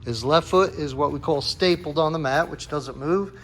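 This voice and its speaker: Man, kids jiu-jitsu coach, encouraging, counting drills, middle-aged, a touch high. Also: normal speed, a bit bright, slight background noise. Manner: upbeat, encouraging, calls out counts.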